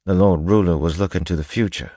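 A man's voice: deep voice, fast talker, mellow, dry recording, clean studio sound, pitched above the performer's own voice. A man doing a terse, determined young man. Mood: firm.

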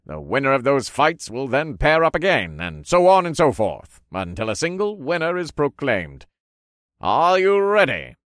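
A booming, theatrical tournament announcer, as a male narrator puts him on, pitched well above his usual speaking voice. He stretches his words into grand, slow proclamations. The close, dry recording carries every flourish. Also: huge pitch swings, a bit bright, dry recording. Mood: grandiose. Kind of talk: audiobook character voice.

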